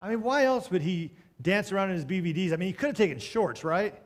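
A man preaching a storytelling sermon, swinging between loud bursts and hushed moments, with joking asides to the congregation. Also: high voice, expressive, quick pace, few pauses.

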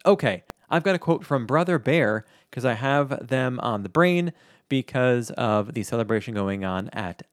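A man co-hosting a podcast talks casually through the end of the show and its plugs, poking fun at himself along the way. His voice sits on the low side, and the studio-quality recording is dry.

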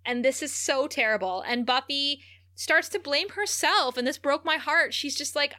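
A woman with a fairly high, bright voice, chatting casually as she recaps a TV episode. She retells scenes with animation and voices the characters' quoted lines as she goes. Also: lively intonation, moderate pace, dry recording, clean studio sound. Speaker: podcast co-host recapping a TV episode.

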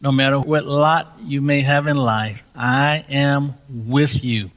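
Slow, emphatic preaching man. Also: mid-range voice, flat delivery, fairly bright tone. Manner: emphatic preacher, repeats key phrases, laughs, leads the congregation in declarations. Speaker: pastor. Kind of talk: sermon.

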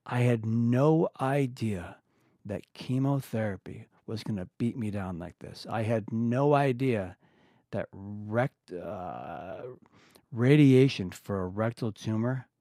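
A man's voice: fairly low pitch, mellow, no room sound, studio quality. A man talking openly as a podcast guest in casual, colloquial speech, acting out the remembered exchanges he describes. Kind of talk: candid podcast conversation.

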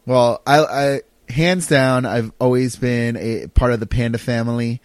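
A man co-hosting a casual wrestling chat, excitable and animated, quick to laugh. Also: medium pitch, no room sound. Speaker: podcast co-host.

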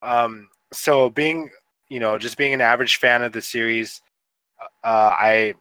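A man's voice: mid-range voice, steady tone, unhurried, sharp tone, clean tone, no room sound, rough recording. A man co-hosting a casual movie review podcast, rambling with lots of fillers and laughter. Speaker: podcast co-host.

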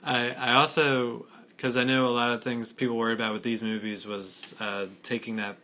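A man co-hosting a casual podcast chat, easygoing and quick to laugh. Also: mid-range voice, level tone, sharp tone. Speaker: podcast co-host.

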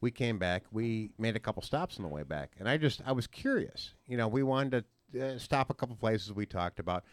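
Low voiced guy hosting a chatty podcast, keeps restarting sentences, dry sound. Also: expressive, brisk, dry recording. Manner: rambling, with frequent restarts and fillers. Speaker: podcast host. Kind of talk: casual chat.

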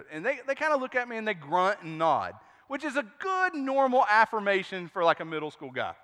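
A man pastor preaching a sermon, telling stories with lively acted-out quotes. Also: high voice, fairly quick, hardly any pauses, big-room sound. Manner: storytelling, animated, acts out quotes. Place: church sanctuary.

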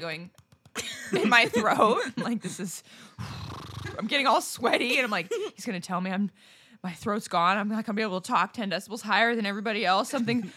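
A woman co-hosting a podcast, telling a story in casual chat, animated and laughing often, swearing and acting out what people said. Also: a little high, a little hiss or hum. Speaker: podcast co-host.

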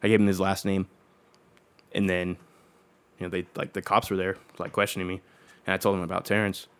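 A man's voice: low voice, level tone, fairly quick, a bit bright, smooth. A young adult man telling a long personal story in casual chat, rambling with lots of fillers and swearing.

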